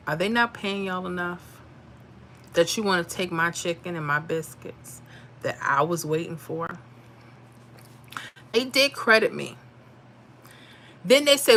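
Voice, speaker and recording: A woman's voice: lowish voice, animated, measured pace, pauses often, fairly bright tone, slight background noise. A woman hosting a casual livestream, chatting animatedly and reading out viewer comments and lottery numbers. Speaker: livestream host.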